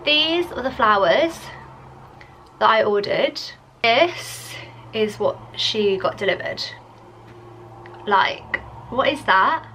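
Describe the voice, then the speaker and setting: A woman's voice: a little high, lively intonation, takes it slowly, pauses often, sharp tone, a little hiss or hum. A young woman telling a story to camera in a chatty vlog, exasperated and talking with lots of "like". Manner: chatty, exasperated, heavy use of "like". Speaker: vlogger.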